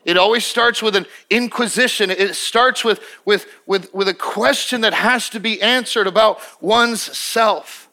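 A man's voice: high voice, measured pace, few pauses, bright, forceful tone. A male pastor preaching a sermon in an emphatic, conversational way, often restarting his sentences.

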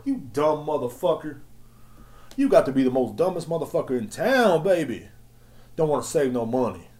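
Male podcast host, solo rant: slangy, swears freely, slightly high voice, roomy echo. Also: fairly quick, pauses often. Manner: animated, swearing, slangy ranting.

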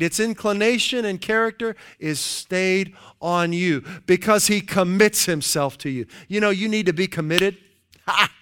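High-voiced, clear preacher man. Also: animated, a bit bright. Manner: emphatic, repeats key phrases, reads scripture slowly; playful asides, chuckles at his own jokes. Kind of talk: sermon.

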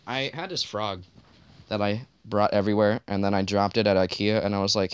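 A man's voice: on the low side, fairly even intonation, a little fast, clear, resonant tone, no room sound. A teenage boy co-hosting a podcast in casual chat, rambling and cracking crude jokes. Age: teens. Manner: jokey, rambling, crude humor. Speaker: podcast co-host.

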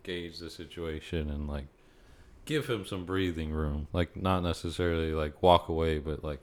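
Deep-voiced man player, casual. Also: steady tone, moderate pace, a little mellow. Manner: casual, hedging, many fillers. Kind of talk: tabletop play, casual chat.

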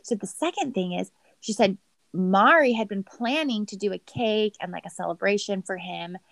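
A woman's voice: medium pitch, normal speed, gravelly, dry recording. A woman in casual chat, recapping a reality show with a gossipy, chatty manner full of "like.". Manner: chatty, gossipy, heavy use of "like".

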